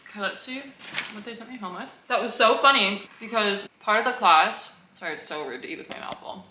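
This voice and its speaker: A chatty woman vlogger talks casually at home, giggling and correcting herself as she goes. Her voice is bright and forward. The apartment sounds echoey, with faint noise behind her. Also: mid-range voice, fairly quick. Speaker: lifestyle vlogger. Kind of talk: casual vlog chat.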